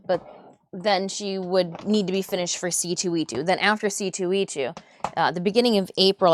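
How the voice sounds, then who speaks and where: A woman's voice: mid-range voice, dry recording. A woman hosting a casual live stream, rambling and chatty as she sorts craft supplies, with self-mocking asides. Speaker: livestream host.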